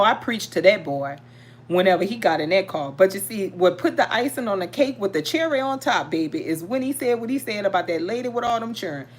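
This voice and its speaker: A middle-aged woman hosting a casual chat, telling a story in an animated, preachy way. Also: a little hiss or hum. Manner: animated, preachy, emphatic with sudden pitch jumps. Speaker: tarot channel host.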